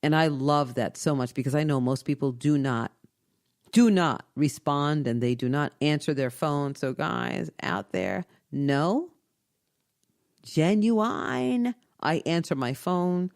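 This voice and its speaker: A woman hosting a casual podcast chat, telling stories in an animated way, often repeating herself and laughing. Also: low voice. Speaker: podcast host and inventor.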